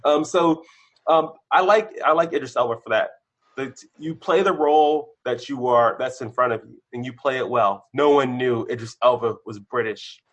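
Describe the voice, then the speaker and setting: Husky man telling animated career stories. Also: moderate pace. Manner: animated storyteller, bursts of excitement, then drops low. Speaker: podcast guest, senior engineer. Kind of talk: candid conversational interview.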